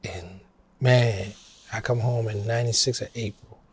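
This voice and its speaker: A middle-aged man with a New Orleans accent, telling a story as an interview guest and acting out quotes in a higher voice. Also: fairly even intonation, a little slow, husky. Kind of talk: casual storytelling.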